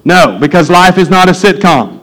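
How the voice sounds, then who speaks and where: A man preaching a sermon as pastor, earnest and building to loud, excited preaching. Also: high voice, normal speed, low-quality recording.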